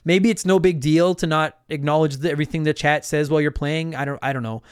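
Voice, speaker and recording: High, crisp-voiced animated podcast host. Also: male voice, quick pace, no echo, studio quality. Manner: animated, swears casually, emphatic. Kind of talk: casual solo podcast chat.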